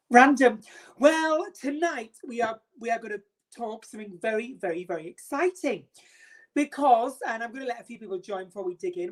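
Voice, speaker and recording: A middle-aged woman hosting a makeup live stream, theatrical and self-mocking, greeting viewers by name. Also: fairly high pitch.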